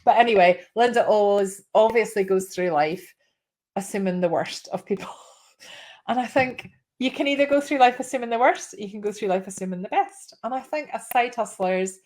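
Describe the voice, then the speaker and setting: A Scottish woman in her thirties giving casual side-hustle advice, chatty and animated, acting out the people in her stories. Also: mid-range voice, moderate pace. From Scotland. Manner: chatty, animated storyteller, acts out quoted voices. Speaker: small business vlogger.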